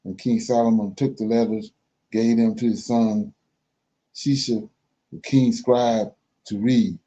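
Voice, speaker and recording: A man reading scripture aloud for a Bible study, slow and careful, pausing and correcting himself as he goes. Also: lowish voice, steady tone, mellow, muffled recording.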